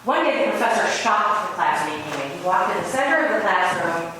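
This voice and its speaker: A woman's voice: medium pitch, sing-song, fast. Woman preaching from far off in a very echoey hall. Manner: conversational storytelling. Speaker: spiritual speaker. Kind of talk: sermon. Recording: very echoey room, voice far from mic, ambient noise.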